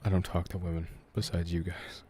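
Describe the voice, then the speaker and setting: A young man in his twenties, from Canada, chats through a live Q&A from his room at home. His voice sits deep and soft-edged, with a mellow warmth. He wanders through answers in a relaxed, rambling way, full of fillers and trailing hedges. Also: brisk, a little hiss or hum. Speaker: audio creator hosting a live Q&A. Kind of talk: casual live-stream chat.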